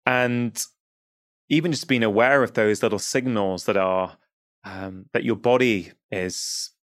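A man hosting an interview conversation, asking reflective questions in a halting way and often repeating words. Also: fairly low pitch, steady tone, a bit bright, no room sound, clean studio sound. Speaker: podcast host.

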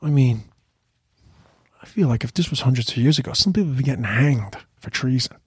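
A man's voice: mid-range voice, lively intonation, a little fast, slightly rough, no echo, clean studio sound. A man giving heated, profane political commentary in a casual rant, often stumbling and repeating words.

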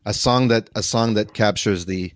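A man's voice: lowish voice, moderate pace, no echo. A man co-hosting a podcast in casual conversation, rambling and restarting his sentences, laughing often. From United States. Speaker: podcast co-host.

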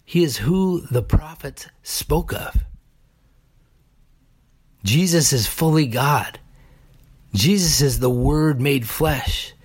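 A man preaching a sermon deliberately, building emphasis through repeated phrases. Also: fairly high pitch, slightly rough. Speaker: pastor.

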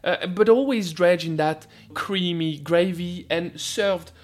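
This high-pitched man from France speaks with a French accent and takes his time. As a food scientist guest in a radio interview, he talks animatedly, often repeating words as he gets a sentence going.

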